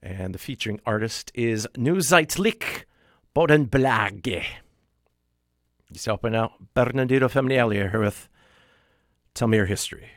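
A man's voice: mid-range voice, lively intonation, normal speed, no echo, studio quality. A man hosting a radio show, reading out a list of soundtrack releases in a casual, wry way and correcting himself as he goes. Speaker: radio host.

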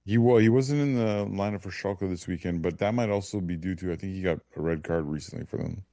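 A man's voice: low-pitched, fast, mellow, no room sound, studio quality. A man hosting a casual football chat, rambling and restarting as he reads from his notes. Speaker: host.

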